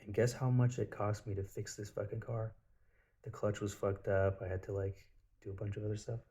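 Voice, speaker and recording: A man's voice: lowish voice, little pitch movement, brisk, mellow. A man telling a personal story in a casual spiritual monologue, blunt and profane, with lots of filler words.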